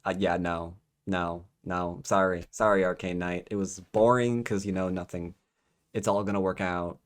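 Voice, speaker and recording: In a deep voice, a man gives a casual, sarcastic book review, sounding exasperated as he mocks the story using quick put-on voices.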